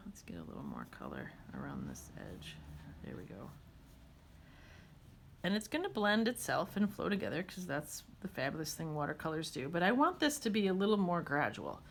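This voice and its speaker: A woman's voice: lowish voice, slight background noise. A woman teaching a watercolor demonstration, chatting and thinking aloud as she paints.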